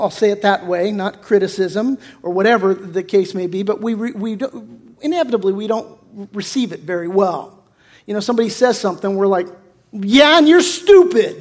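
A man's voice: very high voice, darkish tone. A male pastor preaching a sermon in a casual, conversational way, acting out quotes as he goes.

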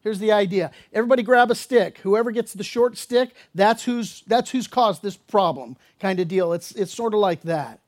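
Speaking at normal speed in a high voice with hardly any pauses, a man preaches an expository sermon as pastor. His casual, conversational explanation of scripture includes humorous asides and acted-out dialogue.

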